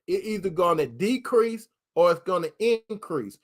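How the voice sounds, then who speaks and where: Man, high-pitched voice, preaching talk, emphatic, repeats himself, addresses listeners as brother and sister. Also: animated, normal speed, hardly any pauses. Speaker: host giving relationship advice from a Christian view. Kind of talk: preaching-style talk to viewers.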